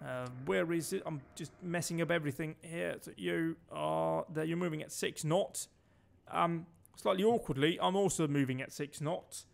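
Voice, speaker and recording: A man's voice: fairly high pitch, moderate pace, gravelly. A man from Denmark giving chatty, sweary commentary while streaming a game and barking orders at his crew. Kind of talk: casual gameplay commentary.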